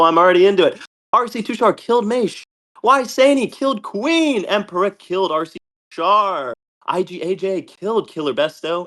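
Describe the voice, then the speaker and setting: A young man hosting a live game stream, calling out the action excitedly and often tripping over his words with quick restarts. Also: high-pitched. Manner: excitable, shouts and laughs often. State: a bit out of breath. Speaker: host.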